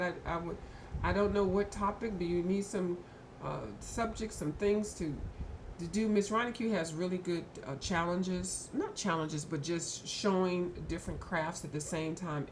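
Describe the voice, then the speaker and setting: A woman's voice: fairly low pitch, a little hiss or hum. A woman hosting a casual live stream with features, chatty and addressing her viewers by name, and she has the hiccups.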